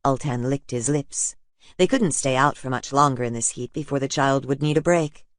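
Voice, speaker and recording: A man reading a fantasy audiobook in a steady, even narration. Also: mid-range voice, normal speed, no room sound, studio quality.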